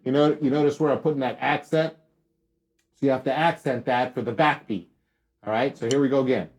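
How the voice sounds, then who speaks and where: A man giving a casual drum lesson, talking straight to viewers in a relaxed, upbeat way. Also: medium pitch, brisk, noisy background. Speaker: drum teacher. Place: drum studio.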